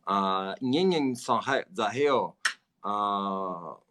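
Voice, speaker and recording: A man's voice: fairly low pitch, animated, slow pace, noisy background. A man from Philadelphia hosting a casual livestream, answering his chat, laughing often and repeating himself. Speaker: livestream host.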